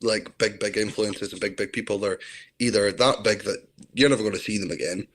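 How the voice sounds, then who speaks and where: A man's voice: on the low side, fairly quick, fairly bright tone. A Scottish man from Scotland, chatting as an interview guest on a video call, telling rambling stories. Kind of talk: casual chat.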